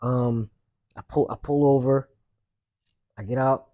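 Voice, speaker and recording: A man's voice: medium pitch, fairly even intonation, measured pace, mellow, muffled recording. A young adult man, a podcast host, telling a personal story in a loose, rambling way with street slang and lots of fillers. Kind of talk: casual storytelling monologue.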